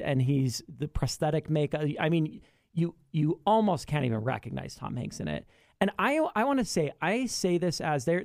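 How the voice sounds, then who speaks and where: A podcast co-host chatting casually about films, expressive and quick with asides. The voice is gravelly with plenty of fry, at a middle pitch. The recording is dry and close. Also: no echo. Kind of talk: casual film review chat.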